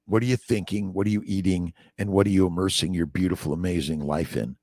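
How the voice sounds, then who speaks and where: A man's voice: sits low, steady tone, fast talker, a little mellow, dry recording, clean studio sound. An older man, a doctor, hosting a casual morning livestream, upbeat and preachy, greeting viewers by name.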